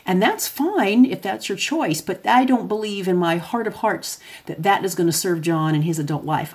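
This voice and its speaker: Chatty woman with a slightly low voice. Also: darkish tone. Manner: chatty, self-described extrovert, laughs often. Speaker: podcast host. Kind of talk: casual parenting monologue.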